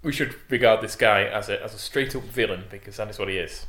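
British man, podcast co-host, lowish voice, animated mock-indignant chat. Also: fast. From Britain. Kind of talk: casual chat.

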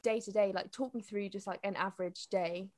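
A woman's voice: mid-range voice, fairly even intonation, a little fast, crowd noise. A woman, interviewing casually and prompting with short replies. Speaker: interviewer, trainee pilot.

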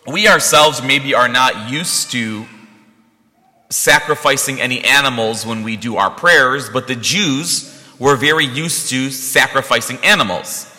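A man's voice: mid-range voice, pushed and bright, big-room sound. A man, a priest, giving a conversational sermon, telling a personal story with asides to the congregation.

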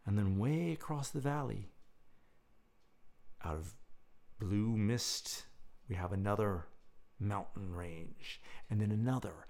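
A man hosting his own show, speaking in a reflective, lyrical monologue with thoughtful pauses. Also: fairly low pitch, vocal fry, darkish tone. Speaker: podcast host.

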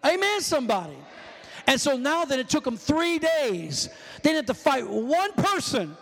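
A man preaching a fervent sermon in a church, often shouting calls to the congregation. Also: very high-pitched. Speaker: pastor. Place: church sanctuary. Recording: long hall reverb.

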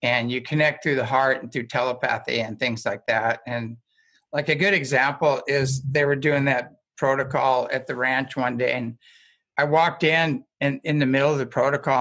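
A man's voice: mid-range voice, fairly even intonation, normal speed, fairly bright tone. A man talking as a guest in a casual conversation, telling stories in a rambling way with frequent restarts and chuckles.

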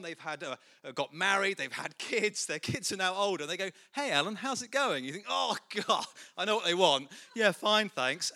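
A man's voice: high voice, pushed and bright. A man giving a humorous, self-deprecating talk to a church audience, full of jokey asides. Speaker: guest speaker.

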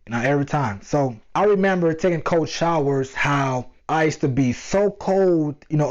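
A young man telling his own story in a casual, animated way, using slang and talking straight to his listeners. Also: mid-range voice. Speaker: vlogger. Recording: dull lo-fi sound.

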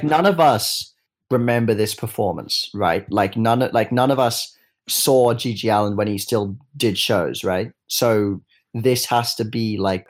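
A man playing a tabletop game, talking his way through his plans and often restarting. His voice sits a little low. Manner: thinking aloud, hesitant, many restarts. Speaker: player. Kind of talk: casual tabletop game play.

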